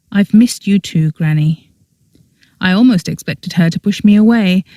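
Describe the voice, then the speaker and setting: An audiobook narrator reading a first-person story in an even storytelling manner, close to the mic. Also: medium pitch, no echo.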